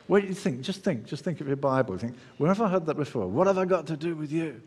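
A man preaching a sermon in an animated way, acting out the quoted lines and often restarting his sentences. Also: a little high, quick pace, breathy edge. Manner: animated, acts out quoted voices, frequent restarts. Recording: long hall reverb.

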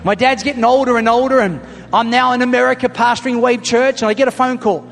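A middle-aged man preaching a sermon as a pastor, telling a story emphatically and building to loud punchlines. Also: extremely high pitch, steady tone, fast talker, vocal fry. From Australia. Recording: long hall reverb, faint music.

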